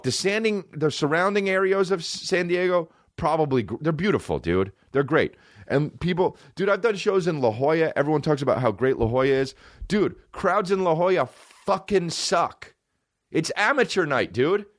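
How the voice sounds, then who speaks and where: A man's voice: fairly high pitch, lively intonation, fairly quick, no echo, clean studio sound. A man hosting a podcast, delivering a heated, profane rant with emphatic repetition. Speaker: podcast host and comedian. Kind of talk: profane ranting monologue.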